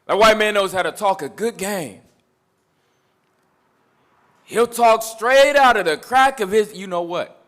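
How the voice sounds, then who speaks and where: Emphatic man preaching, high bright voice. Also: a little slow, pauses often. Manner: emphatic, repetitive, mocking asides. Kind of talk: sermon with scripture and street talk.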